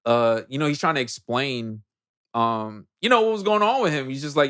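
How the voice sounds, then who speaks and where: A man co-hosting a podcast, recapping a movie in casual chat with heavy slang and lively storytelling. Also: medium pitch, moderate pace, smooth. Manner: animated storyteller, heavy slang, acts out characters. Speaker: podcast co-host.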